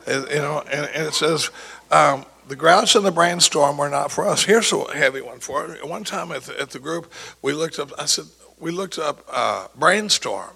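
Gravelly, husky man telling stories. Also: a little high, animated, normal speed, bright, forceful tone, low-quality recording. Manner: repetitive false starts, storytelling with quoted dialogue. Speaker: recovery sponsor sharing at a meeting. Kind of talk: rambling anecdotal talk.

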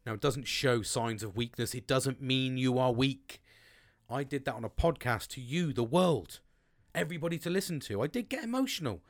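A man hosting a podcast in a casual monologue, swearing freely and letting his voice swing with feeling. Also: normal speed. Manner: swears often, expressive swings in pitch. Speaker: podcast host. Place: home, outdoors on a sunny afternoon.

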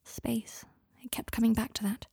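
A woman reading her own story aloud as author and narrator, in a soft, even storytelling manner. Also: a little high, normal speed, creaky, husky, dry recording, whispered, clean studio sound.

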